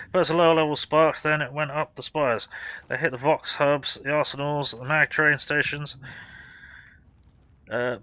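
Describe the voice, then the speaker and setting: A man's voice: fairly high pitch, pushed and bright, smooth, voice pushed up, low-quality recording. A man voicing a brash, loyal male soldier sergeant who barks his orders and reports. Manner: barking, militaristic.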